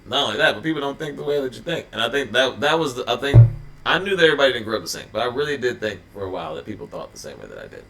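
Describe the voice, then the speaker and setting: A man's voice: medium pitch, animated, very fast, music in the background. A man who is a guest musician on a podcast, chatting casually, laid-back and swearing freely. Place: podcast studio.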